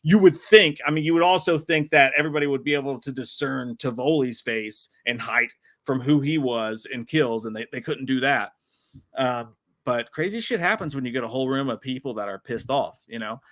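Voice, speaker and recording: A man's voice: mid-range voice, fairly quick, a bit bright. A man co-hosting a live movie stream in a casual, profane, laughing chat style. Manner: profane, laid-back, laughs often. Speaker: podcast co-host.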